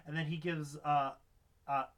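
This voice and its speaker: A young man with a somewhat high voice co-hosts a casual film review podcast. He rambles, restarts his sentences and bursts into animated exclamations. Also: unhurried. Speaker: podcast co-host.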